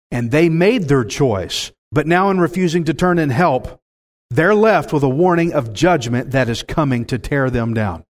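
A preacher delivers a sermon in a somewhat raised pitch. He swings dramatically in delivery and calls out to his congregation. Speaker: pastor.

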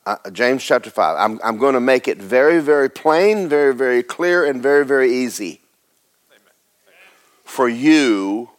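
With an unhurried pace and lively intonation, a man at medium pitch preaches conversationally. After reading a scripture passage aloud, he unpacks it, asking rhetorical questions and repeating key words.

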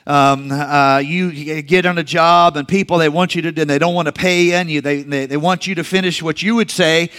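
A man's voice: fairly high pitch, fairly even intonation, brisk, hardly any pauses, fairly bright tone, smooth. A middle-aged male pastor preaching a sermon in a conversational way, with personal asides and occasional restarts.

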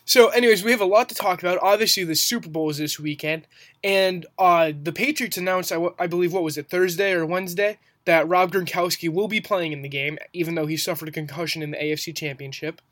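A man's voice: sits high, fairly even intonation, fast talker, fairly bright tone, no echo, clean studio sound. A young man with a nasal voice from a cold, hosting a casual sports podcast with loose jokes and casual swearing. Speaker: podcast host.

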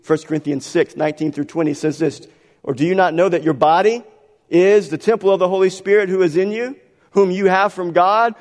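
Preacher with a reverberant hall sound. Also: male voice, high-pitched, fairly quick. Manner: dynamic preaching, swinging between soft and loud. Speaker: pastor. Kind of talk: sermon. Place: church sanctuary.

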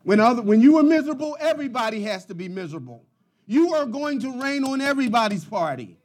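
High-pitched preaching man. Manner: preaching with rising shouts and dramatic swings in volume. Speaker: pastor. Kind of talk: sermon.

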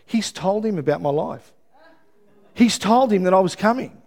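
A middle-aged Australian man preaching a sermon, telling a personal story with lively, acted-out quotes and asides. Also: sits high, normal speed, long pauses. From Melbourne, Australia.

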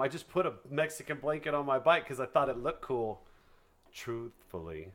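A man's voice: medium pitch, moderate pace, a bit bright. A middle-aged man telling a story in casual podcast chat, acting out quotes. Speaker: podcast co-host.

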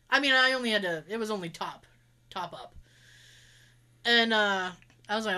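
A woman's voice: on the high side, moderate pace, pauses often, smooth. A young woman casually telling a funny story, sarcastic and acting out the quoted lines. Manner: sarcastic, animated, acts out quotes. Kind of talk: casual chat, telling an anecdote.

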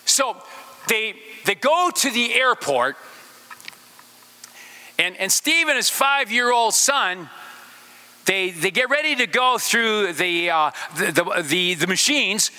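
A man preaching a sermon and telling a story, halting and repeating words, swinging between loud and hushed. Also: high voice, expressive. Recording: echoey hall reverb.

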